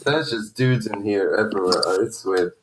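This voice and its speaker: A man's voice: fairly low pitch, moderate pace. A laid-back, blunt man from Lithuania chatting casually on a group voice call. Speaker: castaway guest. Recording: roomy mic with noise.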